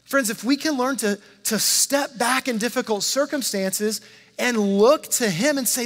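A man's voice: very high voice, measured pace, fairly bright tone. A man preaching a sermon in a conversational way, repeating phrases and acting out quoted lines. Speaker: pastor. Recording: long hall reverb.

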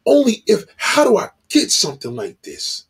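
A man's voice: sits high, huge pitch swings, moderate pace, creaky, husky, voice pushed up, exaggerated voice. A man voicing a smitten man who gawks at a passing woman and mutters in awe. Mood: awestruck.

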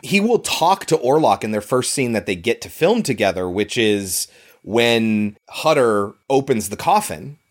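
A man's voice: mid-range voice, a little slow. Laid-back man talking films. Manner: relaxed, loose, with many fillers. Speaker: podcast co-host. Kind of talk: casual film discussion.

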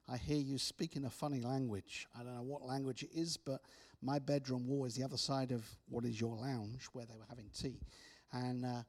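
A man preaching, telling personal stories with restarts and soft, hushed drops. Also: mid-range voice. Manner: storytelling with repeated restarts, soft dramatic drops. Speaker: speaker. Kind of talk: preaching testimony.

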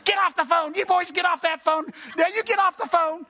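Man putting on a nagging mom, high and sharp, scolding her boys off the phone. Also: fairly even intonation, a little fast, heavily acted.

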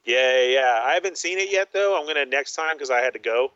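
A man co-hosting a casual podcast, telling lively stories and laughing often. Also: a little high, fast talker, clear, resonant tone, no room sound. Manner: animated, laughing storyteller. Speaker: podcast co-host. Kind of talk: casual chat about toy collecting. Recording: dull lo-fi sound.

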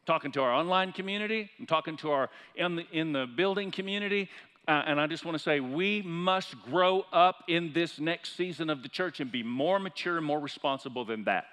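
A pastor preaching a sermon in a church, building up to loud, impassioned peaks. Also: male voice, on the high side, fairly quick. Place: church sanctuary. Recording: church hall reverb.

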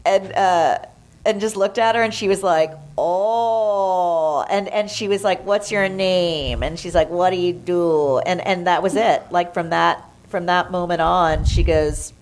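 Animated woman telling a story. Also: unhurried, slight background noise, rough recording. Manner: animated, acts out quotes in higher voices. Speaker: guest. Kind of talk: casual storytelling chat.

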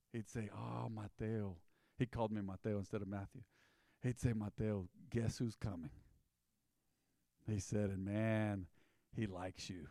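Guy pastor preaching, punchy conversational sermon, kinda high voice, dry close sound. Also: gravelly, no echo. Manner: emphatic, conversational preaching with rising bursts.

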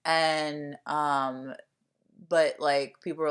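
With a low, smooth voice and flat, slow delivery, a podcast co-host from Delaware County, Pennsylvania rambles through casual conversation packed with filler words and curses.

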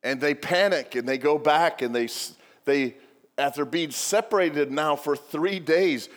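A man's voice: fairly high pitch, a little slow, in a large hall. Man preaching a humorous sermon. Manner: humorous storytelling with asides. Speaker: pastor. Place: church.

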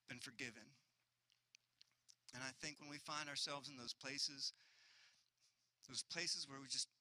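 A man's voice: fairly high pitch, pushed and bright, no room sound, poor audio. A man in his thirties preaching a sermon, earnest and building with repetition, sometimes acting out other voices. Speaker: pastor.

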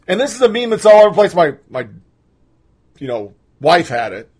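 A man's voice: high voice, very animated, brisk, a little mellow, husky. A man hosting a podcast, ranting bluntly with profanity in casual political commentary. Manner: blunt, profane, opinionated rant. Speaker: podcast host.

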